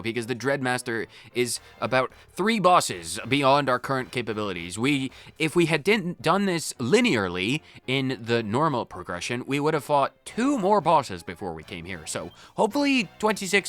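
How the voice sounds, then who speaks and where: A man's voice: medium pitch, very animated, normal speed, hardly any pauses, fairly bright tone, faint music behind. A man hosting a video game playthrough, joking around and chatting goofily with the game's characters. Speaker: let's play host.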